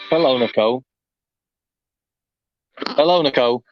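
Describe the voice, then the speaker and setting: A man's voice: medium pitch, expressive, moderate pace, no room sound, soft background music. A middle-aged man, hosting a livestream in a rambling, folksy, exclaiming way. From Kentucky. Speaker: livestream host. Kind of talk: casual livestream talk. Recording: muffled dull audio.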